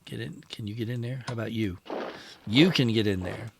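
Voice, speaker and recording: A man's voice: medium pitch, a little fast, vocal fry, background noise. A man hosting a strategy game play-through, musing aloud and talking to his units as he moves them. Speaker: wargame channel host.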